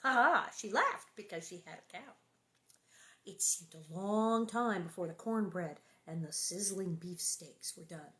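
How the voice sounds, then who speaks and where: A woman's voice: on the low side, expressive, a little slow, fairly bright tone, slight background noise. A woman reading a children's novel aloud to viewers, breaking off for playful, chatty asides and answering comments. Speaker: reader hosting a book reading stream.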